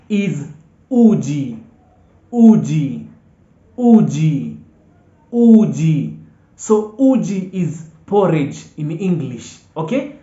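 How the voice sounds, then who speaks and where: A language teacher calmly repeating each vocabulary word several times and checking in with "okay?" as they go. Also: mid-range voice. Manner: patient, drills words aloud and checks in with "okay?". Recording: echoey room, dull lo-fi sound.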